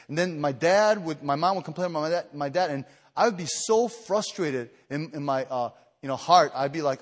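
A man from the Chicago area preaching an evening retreat sermon, earnest and emphatic, telling personal stories with many fillers and restarts, and growing louder and higher when stirred. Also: brisk, hardly any pauses. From Chicago area, USA. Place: retreat meeting hall. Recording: echoey hall reverb.

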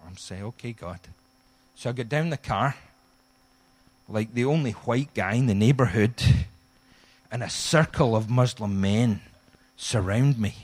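Pastor telling a humorous story. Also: male voice, mid-range voice, measured pace, pauses often, slightly rough. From Scotland. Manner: humorous, animated storytelling with acted-out quotes. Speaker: guest pastor. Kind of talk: storytelling sermon.

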